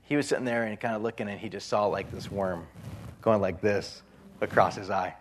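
A man preaching a sermon, retelling a Gospel story with dramatic swings in loudness and voicing the people in it. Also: on the low side, a little fast, slight background noise.

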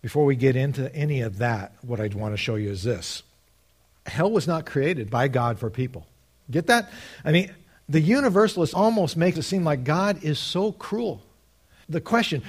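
A man delivering a sermon in a somewhat high voice. He reasons through scripture step by step. His delivery swings between hushed asides and loud, emphatic declarations. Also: expressive, moderate pace, slightly rough. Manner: argues step by step, quotes scripture. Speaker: preacher.

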